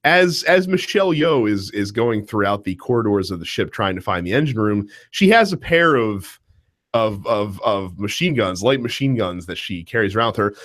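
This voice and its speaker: A man co-hosting a podcast, chatting casually about a film, animated and laughing, full of fillers and restarts. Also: lowish voice, moderate pace. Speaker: podcast co-host. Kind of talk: casual movie discussion.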